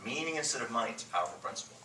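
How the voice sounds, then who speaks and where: A man's voice: medium pitch, expressive, very fast, recorded from a distance. A man teaching a church class, an emphatic and joking storyteller who leads the group in call-and-response. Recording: roomy room mic from afar, faint noise.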